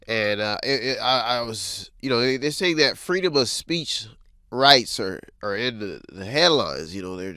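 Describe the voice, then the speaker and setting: A man hosting a weekly headlines show, telling stories in a lively, animated way and acting out the voices of others. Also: medium pitch, no room sound. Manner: animated storytelling, acts out voices. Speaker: news show host. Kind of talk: casual news commentary.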